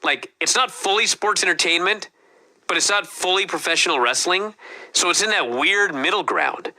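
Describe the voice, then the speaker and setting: A man's voice: sits high, moderate pace, bright, forceful tone. A man co-hosting a wrestling review show, talking in a casual, profane, ranting way. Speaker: podcast co-host.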